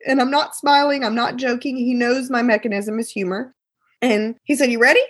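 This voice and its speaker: A woman, a podcast guest telling an emotional personal story, animated and quoting people in a raised voice. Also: on the high side, a little fast.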